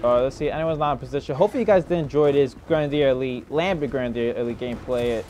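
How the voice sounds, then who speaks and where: A man's voice: mid-range voice, quick pace, a little hiss or hum. Young man muttering frustrated gameplay commentary. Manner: frustrated, self-deprecating, swears and mutters at teammates; mumbled, trailing asides with bursts of shouting. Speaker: gaming YouTuber.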